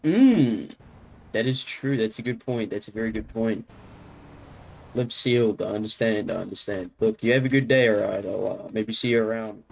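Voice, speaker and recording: A man's voice: lowish voice, moderate pace, gravelly, low-quality recording. A man roleplaying in a game, suspicious and probing, teasing the other player with questions. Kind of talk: in-character game roleplay chat.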